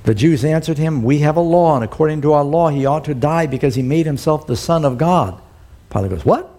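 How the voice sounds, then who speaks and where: A man's voice: fairly quick, warm tone. A middle-aged man preaching a sermon, reading scripture aloud and commenting on it, lifting his voice to act out the quoted speech. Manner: acts out the quoted lines with rising pitch and emphasis.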